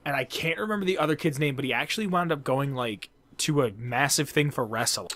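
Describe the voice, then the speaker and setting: A man's voice: mid-range voice, brisk, fairly bright tone, no echo. A man in his twenties, a podcast host, telling a story in casual chat, swearing and laughing as he goes.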